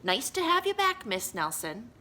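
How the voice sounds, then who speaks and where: A fussy, pompous school principal from a children's storybook, voiced by a woman reader. He talks high, prim and quick with lively ups and downs. He is overly polite. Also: slight background noise.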